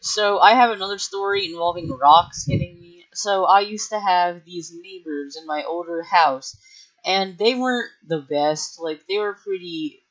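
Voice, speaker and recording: A man's voice: high voice, measured pace, fairly bright tone. A young man telling a rambling personal story in a casual vlog, full of filler words and restarts. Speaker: storytime vlogger. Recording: dull lo-fi mic.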